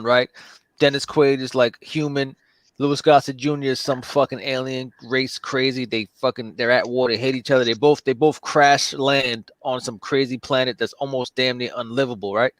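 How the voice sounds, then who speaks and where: In a casual chat, a man with a medium-pitched voice recounts a movie plot at normal speed, full of filler and cursing, and acts out the characters' voices with animation. The recording is dry.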